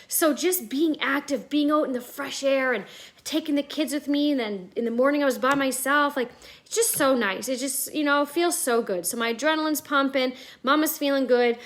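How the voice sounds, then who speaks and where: A woman's voice: high voice, normal speed. A woman from Nova Scotia with an East Coast Canadian accent, hosting a casual live video chat in a bubbly, rambling way with lots of fillers. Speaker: network marketing host on a live video call. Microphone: video call.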